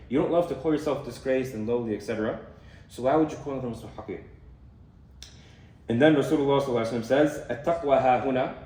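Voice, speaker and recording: A young man giving a casual talk on a hadith, explaining in a relaxed way with fillers and Arabic terms. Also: medium pitch. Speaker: student speaker on hadith. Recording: echoey room from far off.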